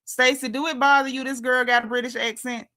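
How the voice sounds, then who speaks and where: A woman's voice: high voice, flat delivery, fairly quick, pushed and bright. A woman with a Southern American accent hosting a casual livestream recap, talking in a sassy, emphatic, colloquial way. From Southern United States. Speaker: show recap host.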